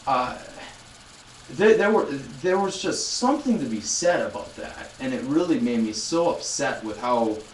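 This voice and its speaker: A man's voice: medium pitch, animated, measured pace, roomy sound, far from the mic, slight background noise, low-quality recording. A man in his twenties chatting casually on a live stream, telling a rambling story with many restarts and addressing viewers. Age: 20s. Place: loud room.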